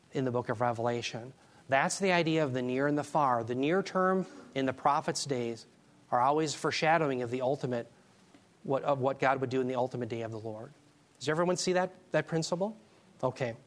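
A man teaching a Bible class, preaching in an emphatic, animated way and taking questions from the class. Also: a little high. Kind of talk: sermon.

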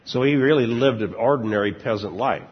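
Older husky-voiced pastor, lo-fi church echo. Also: male voice, medium pitch, brisk. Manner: chuckles often, relaxed and informal. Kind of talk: conversational sermon. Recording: dull lo-fi recording, long church reverb.

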